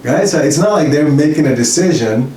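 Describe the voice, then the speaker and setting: A man explaining spiritual ideas in casual talk, animated and acting out little scenes in different voices. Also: on the high side, brisk. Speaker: spiritual teacher. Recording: roomy, distant mic, faint hiss.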